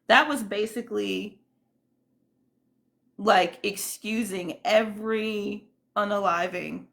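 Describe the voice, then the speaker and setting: A woman's voice: medium pitch, a bit bright. A woman hosting a casual livestream, greeting viewers and giving indignant, rambling commentary full of fillers. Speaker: livestream host.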